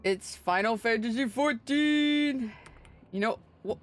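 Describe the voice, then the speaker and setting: A woman's voice: mid-range voice, animated, takes it slowly, long pauses, fairly bright tone, soft background music. A woman streaming a video game, chatting casually in a playful, giggly way with sing-song greetings and casual swearing. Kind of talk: casual livestream chat over gameplay.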